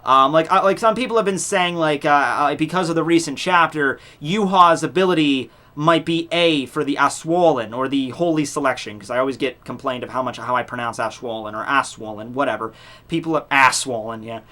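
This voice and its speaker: A young man with a fairly high, bright and forceful voice talks straight to his viewers about a fan contest. He rambles along casually, full of "uh" and "like", and cuts himself off to start again. He drops the odd swear word in passing. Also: fairly quick. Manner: rambling, many fillers and restarts, casual swearing. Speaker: YouTube channel host running a fan contest. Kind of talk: casual unscripted talk to viewers.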